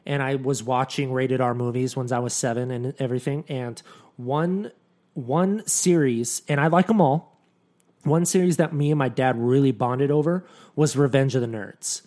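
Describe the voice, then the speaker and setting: A man's voice: medium pitch, normal speed, darkish tone. Chatty man co-hosting a podcast. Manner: chatty, jokey, full of asides. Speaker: podcast co-host. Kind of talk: casual podcast chat.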